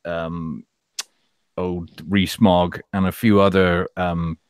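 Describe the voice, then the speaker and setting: Deep-voiced opinionated British man. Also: dry recording. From Britain. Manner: rambling, opinionated, swears. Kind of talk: casual political chat.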